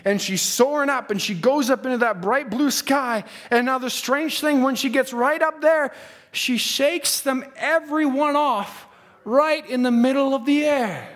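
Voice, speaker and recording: A male preacher delivering a sermon, swinging from shouted, singsong lines to quiet asides. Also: very high-pitched, measured pace.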